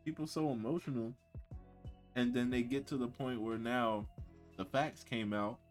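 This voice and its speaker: A man co-hosting a casual podcast chat, blunt and opinionated, laughing loudly and then dropping to a mutter. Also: medium pitch, fairly even intonation, normal speed, faint music behind. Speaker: podcast co-host.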